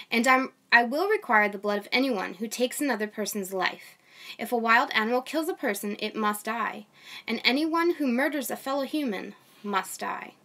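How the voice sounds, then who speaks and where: A young mother with a somewhat high, slightly bright voice reads scripture aloud as a Bible reader and host. She reads steadily, then drifts into casual commentary with fillers and light laughs.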